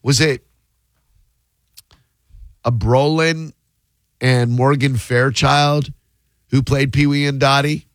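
A male radio host taking calls, making deadpan wisecracks in casual chat. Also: medium pitch, slow pace, long pauses, no room sound.

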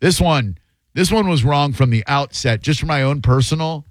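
A man's voice: fairly high pitch, animated, moderate pace, no room sound. A man hosting a call-in radio show, talking in a wry, joking and opinionated way into a studio microphone.

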